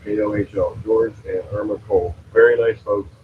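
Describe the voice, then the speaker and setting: A man's voice: fairly low pitch, fairly even intonation, normal speed, phone-quality sound, slight background noise. A middle-aged man from western Pennsylvania telling a long, rambling story about his pizza shop, with many fillers and self-corrections. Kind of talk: casual storytelling on a livestream.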